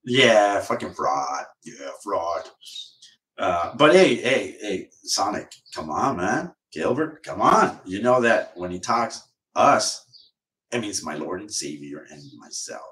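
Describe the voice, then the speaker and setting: Guy ranting on a stream, kinda low voice, swears a lot, rambles, sits back from the mic in an echoey room. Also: big pitch swings, takes it slowly, fairly bright tone. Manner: rambling, repeats himself, swears freely. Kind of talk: casual livestream rant. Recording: roomy echo, far from mic.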